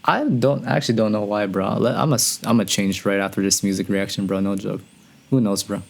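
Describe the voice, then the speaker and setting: Male reaction host with a lowish, gravelly voice, excitable and slangy, talking straight to viewers. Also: fairly quick, a little hiss or hum. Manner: breaks into excited high exclamations. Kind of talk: casual reaction commentary.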